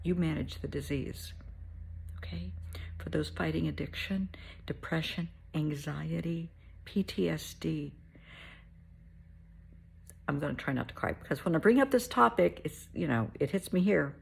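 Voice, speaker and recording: A middle-aged woman hosting a heartfelt pep talk, soothing and motherly, sometimes dropping to a soft whisper. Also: low voice, measured pace, vocal fry, long pauses, a little hiss or hum. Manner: soothing, motherly, calls listener honey; drops to soft whispers at times. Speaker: host.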